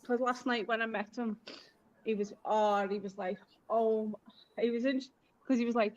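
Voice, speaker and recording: A woman's voice: fairly high pitch, steady tone, moderate pace. A woman from Liverpool with a Liverpool accent, telling stories in casual chat on a live stream. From Liverpool, England. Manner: chatty storyteller, acts out quoted lines. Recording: dull lo-fi live stream audio.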